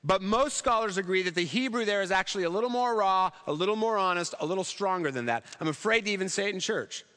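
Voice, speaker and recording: A man's voice: high-pitched, fast, few pauses, pushed and bright, big-room sound. A man preaching a sermon in a church, conversational and humorous, acting out quotes along the way. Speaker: pastor.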